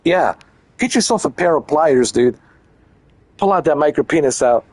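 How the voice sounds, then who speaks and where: A man's voice: a little high, lively intonation, normal speed, pauses often, a little mellow. A man giving casual let's-play commentary, crude and mocking, repeating his jokes. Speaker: gaming channel host.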